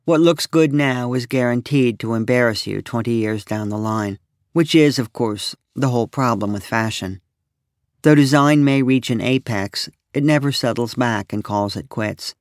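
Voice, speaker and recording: A middle-aged man reading his own humorous personal essay aloud with a wry, deadpan delivery. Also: medium pitch, moderate pace, no room sound, clean studio sound.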